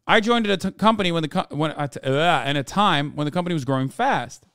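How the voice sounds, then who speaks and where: A man voicing an earnest Icelandic man reading his own letter, in a put-on Nordic accent with a measured, plain delivery. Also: on the high side, animated, a bit bright, no echo, studio quality.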